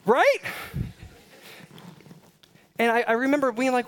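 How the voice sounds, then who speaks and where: A man preaching a sermon, telling a story with animated swings between hushed retelling and loud exclamations. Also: very high-pitched, slow, long pauses. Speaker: pastor. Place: church service.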